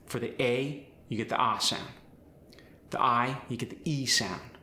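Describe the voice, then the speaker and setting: A man coaching accents, explaining step by step in a clear, instructional way. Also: mid-range voice, a little slow, sharp tone, roomy sound. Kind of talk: instructional lesson.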